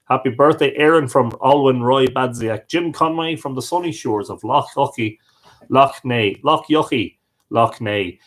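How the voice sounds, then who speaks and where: A man's voice: medium pitch, normal speed. A man hosting a livestream, reading out viewers' comments and greeting each one by name. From Ireland. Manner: friendly, reads out viewer comments and answers them. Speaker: livestream host. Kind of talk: reading live chat greetings.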